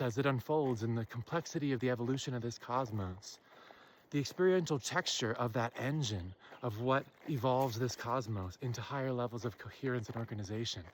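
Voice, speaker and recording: Woman speaker, earnest solo talk to camera, slows to stress key phrases, asks listeners questions. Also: extremely low pitch, a little hiss or hum. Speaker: self-help speaker. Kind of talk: impassioned spiritual monologue.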